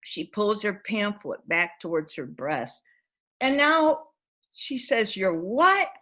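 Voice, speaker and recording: Slow, animated woman storyteller. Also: medium pitch. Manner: vivid, animated storyteller who acts out scenes. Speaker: workshop facilitator and author. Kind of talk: storytelling talk to a spiritual gathering.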